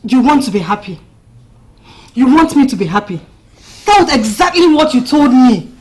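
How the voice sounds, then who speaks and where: A woman's voice: high voice, big pitch swings, moderate pace, a little mellow. An actress playing a hurt young bride who confronts her fiancé in a reproachful, pleading way.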